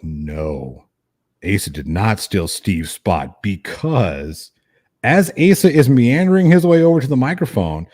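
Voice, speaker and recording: A man's voice: mid-range voice, no echo, clean studio sound. A man hosting a casual stream, telling a rowdy story with lots of swearing and laughter. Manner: animated, profane, laughing storyteller. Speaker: host.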